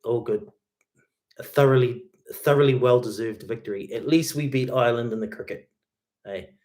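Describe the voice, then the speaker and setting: At a moderate pace, a man with a mid-range, slightly mellow voice chats casually with viewers on his guitar livestream, reading their comments. He keeps it laid-back, often saying "man" and "mate."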